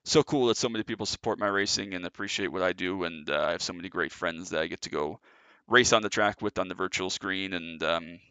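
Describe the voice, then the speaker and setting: A man's voice: deep voice, fast talker, hardly any pauses, bright, forceful tone, clean tone, dry recording. A man giving casual, chatty commentary on his own sim race, a little out of breath. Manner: chatty, filler-heavy, self-correcting. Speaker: sim racing streamer.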